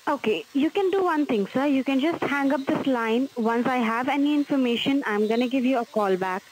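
A woman's voice: sits high, brisk, slight background noise. A woman making a scam phone call, speaking patiently and in scripted phrases. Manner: patient, scripted, repeats "sir". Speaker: scam caller.

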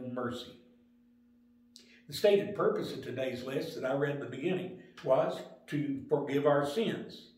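An older man giving a Sunday school lesson, telling stories in a plain, unhurried way with small restarts. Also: medium pitch, darkish tone. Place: church room. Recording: very echoey room.

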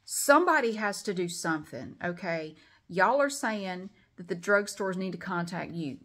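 A middle-aged woman, talking casually to the camera at home and telling an exasperated, animated story. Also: lowish voice, moderate pace. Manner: exasperated, animated retelling with acted-out quotes. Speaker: vlogger.

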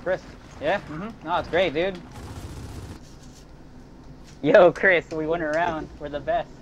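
A man's voice: fairly high pitch, slow pace, muffled recording, a little hiss or hum. A young man in casual gaming chat over a headset who complains, blames his teammates and swears. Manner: irritable, complaining, profane. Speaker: online game player.

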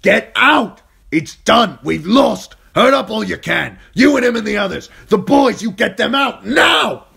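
A man voicing a gruff, hard-bitten older male recruiter who shouts urgent orders in a battle scene. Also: sits high, lively intonation, unhurried, hardly any pauses, pitched above the performer's own voice, full character voice. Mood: shouting urgently.

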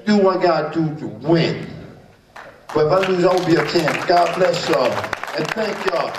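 A man's voice: fairly high pitch, normal speed, over a noisy crowd, heavy background noise. An older man from New Jersey, a boxer at a press conference, talking in a rambling, boastful, playful way. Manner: rambling, boastful, playful, leans on "you know what I'm saying". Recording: echoey room from far off.

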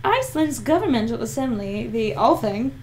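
A woman's voice: fairly high pitch, very animated. A woman co-hosting a let's play, chatting playfully and reading the game's text aloud. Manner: playful, giggly, quick asides. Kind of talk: casual gameplay chat, reading game text aloud. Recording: noisy home recording.

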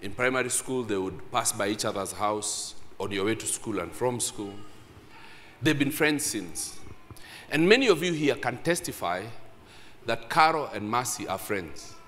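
A man preaching a sermon, telling a story with animated delivery and acting out what people said. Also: lowish voice, measured pace. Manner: animated, acts out others' lines. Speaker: pastor. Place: church hall. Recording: reverberant hall.

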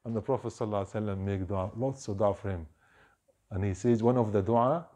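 Speaking in a lowish voice, an imam offers a brief evening reminder as a storytelling sermon about a mosque. He animates the tale, performs the voices of the people he quotes, and uses Arabic phrases often.

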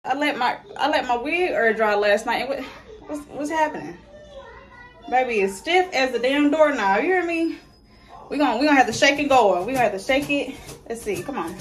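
A woman vlogging casually at home while getting ready, loud and playful, talking straight to her viewers with slang. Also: high voice, expressive, normal speed. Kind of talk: casual chat to camera. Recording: distant mic with music playing behind.

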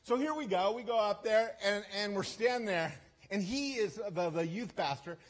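A man's voice: high voice, animated, normal speed. A man as a guest speaker, telling a story in a sermon in a chatty, self-deprecating way, with frequent restarts and asides. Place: church service.

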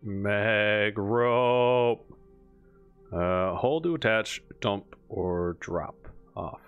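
A man giving casual let's play commentary, full of excited exclamations and chuckles. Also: lowish voice, extremely slow, clean tone, narrow, tinny audio, faint music behind.

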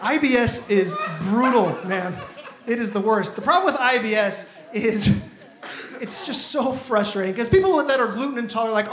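A man doing a stand-up comedy set on stage, telling stories in an animated, exasperated way into a handheld mic. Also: extremely high pitch, moderate pace, crowd noise. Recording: echoey venue with loud audience ambience. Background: audience laughter.

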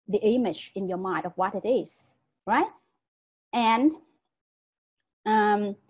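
Mellow woman lecturing. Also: medium pitch, husky, poor audio. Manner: explanatory, checks understanding with frequent "right?". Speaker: teacher trainer. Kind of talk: online lecture. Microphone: video call.

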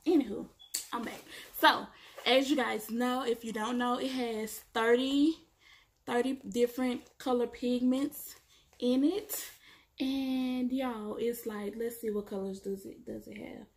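A woman with kids doing a casual, chatty product review, excitedly addressing viewers as y'all. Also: fairly high pitch, a little slow. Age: adult, has kids. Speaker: beauty vlogger.

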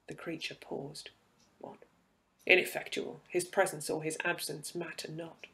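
Male reader, slightly high pitch, measured and dramatic for fantasy narration. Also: level tone, creaky, bright, forceful tone. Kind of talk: dramatic fiction reading.

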